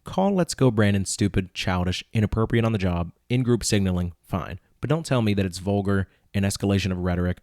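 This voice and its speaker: Incredulous young man ranting, low voice. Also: lively intonation, brisk, few pauses, a little mellow, dry recording, studio quality. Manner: incredulous, ranting, mock voices for imagined people. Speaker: podcast host. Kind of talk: casual commentary reading tweets.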